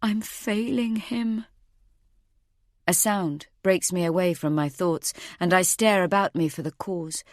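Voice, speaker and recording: A woman narrating a first-person thriller audiobook in a tense, measured way. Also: fairly low pitch, fairly even intonation, no room sound, clean studio sound.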